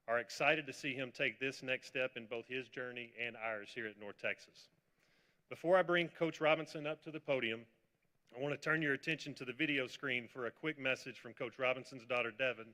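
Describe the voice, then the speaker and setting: A man giving a measured, formal introduction of a new coach at a press conference. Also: mid-range voice, pushed and bright. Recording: long hall reverb.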